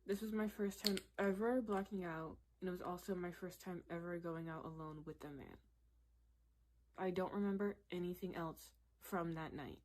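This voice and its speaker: Young woman, slightly low voice, candid and animated storyteller, casual vlog delivery. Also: moderate pace, slight background noise. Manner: candid, animated, lots of "like" and "literally". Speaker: storytime vlogger.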